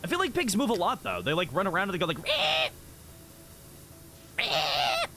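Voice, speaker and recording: A man chatting casually on a live game stream, rambling and giggly, easily excited and full of filler words. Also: sits high, rapid-fire, very noisy. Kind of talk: casual live-stream chat while gaming.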